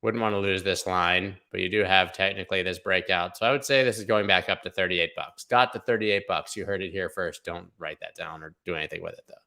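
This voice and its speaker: A male show host talks through trading charts in a loose livestream ramble, cracking offhand jokes as he goes. His voice sits a little low but comes across bright and pushy, with a punchy edge to every remark. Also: fairly even intonation, brisk, gravelly, few pauses. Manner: rambling, jokey, thinks aloud. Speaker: crypto market analyst host. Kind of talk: casual livestream chart commentary.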